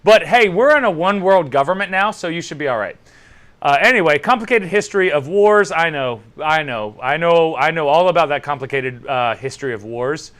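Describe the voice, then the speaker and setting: A young American man hosts a casual podcast, reading out the live chat in a slightly high, brisk voice. He's animated, swears freely, and breaks into loud laughs.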